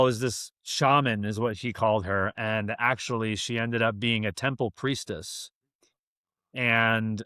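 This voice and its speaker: Young man, from Massachusetts, podcast guest, frank storyteller, bright forward voice, dry close sound. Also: mid-range voice, smooth, dry recording. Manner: candid, animated storyteller acting out quoted dialogue. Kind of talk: casual storytelling.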